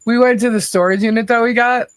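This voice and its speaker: A woman's voice: fairly high pitch, dry recording. A woman co-hosting a livestream in casual chat, laughing often and greeting viewers by name. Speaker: livestream co-host.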